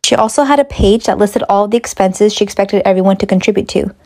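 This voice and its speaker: A woman reading a first-person story aloud in a brisk, matter-of-fact way. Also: medium pitch, darkish tone.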